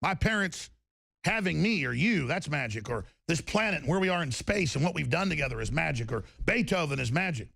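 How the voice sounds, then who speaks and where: Man, talk radio host, heavy vocal fry, very dry studio sound, emphatic ranting delivery. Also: fairly high pitch, lively intonation, a little fast, fairly bright tone, no room sound. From Texas. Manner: ranting, emphatic, repetitive restarts. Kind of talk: political talk radio monologue.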